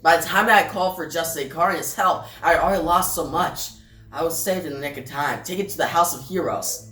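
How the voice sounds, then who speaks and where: A woman reading the lines of a brave, kindly male rabbit hero from a comic, in a flat read-aloud delivery. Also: deep voice, fairly quick. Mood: sorrowful. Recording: roomy and distant, faint music.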